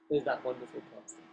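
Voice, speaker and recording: A man teaching a scripture class, telling stories in an animated, conversational way with frequent restarts. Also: mid-range voice, vocal fry, background noise. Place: temple classroom.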